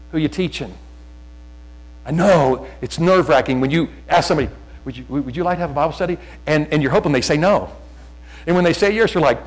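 A middle-aged man, a pastor, preaching in a conversational storytelling way, telling anecdotes with jokes and swinging between quiet asides and loud urging. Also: mid-range voice, low-quality recording. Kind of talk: sermon.

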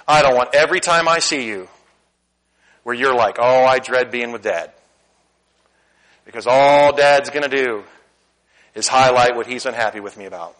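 A middle-aged man preaching a sermon in a church, candid and animated, swinging between loud emphasis and quiet asides. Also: medium pitch, rough recording. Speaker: pastor. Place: church sanctuary.

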